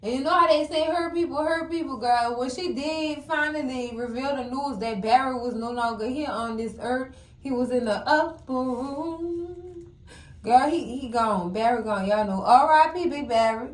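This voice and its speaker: Woman recap host, high voice, fiery, chatty, echoey room. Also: normal speed. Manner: animated, exclamatory, addresses viewers as cousins. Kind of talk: casual TV recap commentary.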